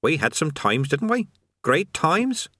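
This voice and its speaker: A sullen male demon from hell, gossipy and indignant, chattering fast in a raised, lively voice, as a man puts him on. The reading is dry and close, with no room sound. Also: a little high, no echo, voice pushed up, heavily acted. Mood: sullen nostalgic.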